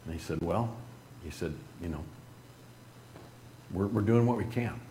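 A man telling a group an emotional personal story in an earnest, halting way, with restarts and some throat-clearing. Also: deep voice, dark tone, echoey room, a little hiss or hum.

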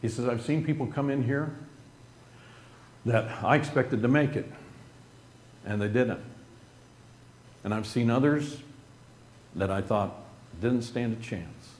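A man telling a group an emotional personal story in an earnest, halting way, with restarts and some throat-clearing. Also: medium pitch, darkish tone, reverberant.

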